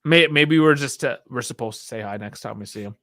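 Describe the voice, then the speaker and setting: A man's voice: medium pitch, brisk, a bit bright, no echo, clean studio sound. A man co-hosting a casual livestream from a small furnace room at home, bantering and laughing easily. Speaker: co-host of a fan livestream.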